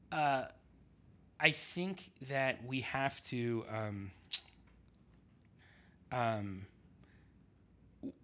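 Casting: man, bright forceful tone, hesitant and full of fillers, relaxed chat. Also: medium pitch. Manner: halting, many fillers and restarts. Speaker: podcast guest, essayist. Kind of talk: casual conversation.

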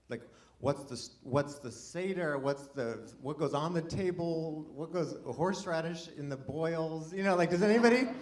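A man doing a rambling, self-deprecating stand-up set, chatting with the crowd. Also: on the high side. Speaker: stand-up comedian. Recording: live venue with audience laughter.

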